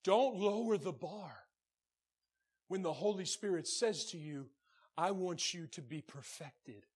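High-voiced man preaching a sermon. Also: animated, measured pace, slightly rough. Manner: swings from soft low passages to shouted high preaching; calls out to the congregation. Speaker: pastor.

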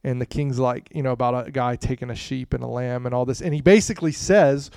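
Man, pastor, conversational sermon, smooth voice, mid pitch, animated, hushed to loud. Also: quick pace, hardly any pauses, dry recording, clean studio sound. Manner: frequent "you know" asides.

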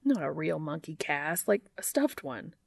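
A playful, teasing man who hams up pirate talk in a low, gravelly voice, as a woman reading a story puts him on. The voice is fairly low and the recording is dry and close. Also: very animated, unhurried, no room sound, exaggerated voice. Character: brash cheerful man hamming up pirate talk.

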